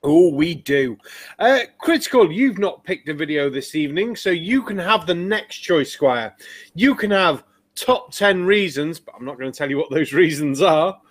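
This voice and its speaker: A man's voice: on the high side, lively intonation, moderate pace. A man hosting a casual group chat about videos, mocking and swearing freely. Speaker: show host.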